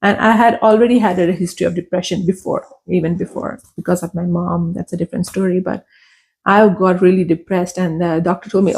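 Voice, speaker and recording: A woman's voice: on the low side, fairly even intonation, a little fast, gravelly, darkish tone, husky. A young adult woman, a podcast guest, telling her personal story candidly and emotionally, repeating phrases for emphasis.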